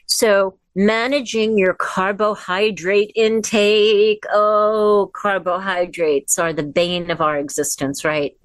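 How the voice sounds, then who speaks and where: A woman with a lowish voice coaches from home with her dog nearby, hosting a casual wellness livestream full of instructions. She's chatty and encouraging, slowing down whenever she paints imagery. It's captured on her device camera, with no room sound.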